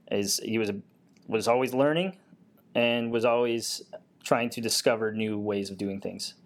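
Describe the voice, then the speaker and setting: A man with a fairly low voice answers interview questions in a relaxed, easygoing way. He often hesitates and fills his pauses with small filler words. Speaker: guest, Air Force technician.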